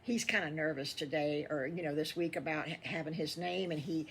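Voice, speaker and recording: A woman's voice: low-pitched, fairly quick. Older woman playing a homespun storybook farmer, rambling and fond; faint hum behind. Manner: folksy, rambling. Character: warm, sentimental male farmer.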